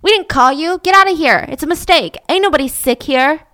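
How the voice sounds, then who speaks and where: A woman voicing a crude middle-aged con man and father, loud and boastful. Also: high-pitched, sing-song, moderate pace, no room sound, clean studio sound. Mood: barking orders.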